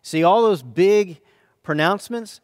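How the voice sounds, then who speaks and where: A man preaching a sermon as pastor, reading scripture dramatically with earnest, hushed and emphatic turns. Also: high-pitched, unhurried, no echo, studio quality.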